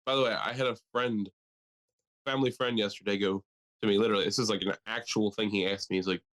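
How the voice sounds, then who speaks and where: A man's voice: on the low side, quick pace. A young man co-hosting a casual podcast, swearing often and joking. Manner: profane, animated, jokey. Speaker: podcast co-host. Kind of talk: casual chat.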